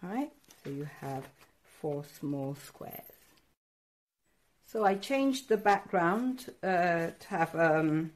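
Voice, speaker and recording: A woman art teacher walking children through a craft lesson step by step, encouraging and excitable, pausing often with fillers. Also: fairly low pitch. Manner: encouraging, hesitant with many fillers; addresses children directly, excitable.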